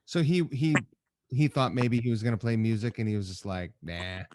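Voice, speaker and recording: A man hosting a podcast, asking curious questions and wandering into relaxed, rambling asides. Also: mid-range voice, fairly quick, no echo. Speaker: podcast host. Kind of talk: casual interview.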